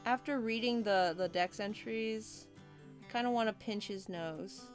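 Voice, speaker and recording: Giggly, slow-talking woman streamer. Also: mid-range voice, over music. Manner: giggly, chatty, reads viewer comments aloud. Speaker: artist streaming a drawing session. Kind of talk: casual livestream chat.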